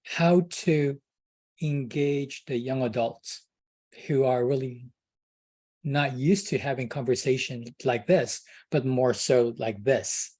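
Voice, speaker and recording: A man's voice: mid-range voice, slow, a little mellow, no echo. A man hosting an interview, asking questions hesitantly and searching for words. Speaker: interview host.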